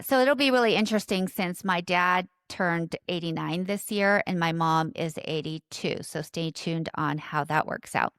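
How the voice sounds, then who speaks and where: A woman in her fifties with a Southern California accent tells her own story as a podcast host. Her voice is smooth and clear, recorded close and dry with no room sound. She speaks in a reflective, conversational way, dropping in light self-deprecating asides. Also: mid-range voice, fairly bright tone, no echo. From born in South Korea, raised in Southern California. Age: 50s.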